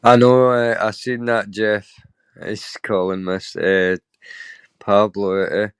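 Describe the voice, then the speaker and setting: A man chatting as a livestream guest, telling stories in a halting, rambling way with laughs. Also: on the low side, little pitch movement, smooth, dry recording. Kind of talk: casual chat.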